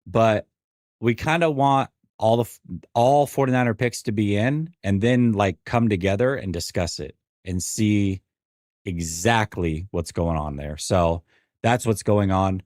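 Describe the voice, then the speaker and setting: A man's voice: fairly low pitch, unhurried, a little mellow, dry recording, studio quality. A man hosting a live sports stream, reacting casually and rambling, often repeating himself with wry asides. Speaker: sports show host.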